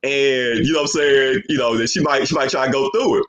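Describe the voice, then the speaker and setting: A man's voice: mid-range voice, steady tone, a little fast, fairly bright tone, muffled recording. A young man hosting a podcast, talking in a loose, rambling way and filling his sentences with "you know what I'm saying". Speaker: podcast host. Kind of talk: casual chat.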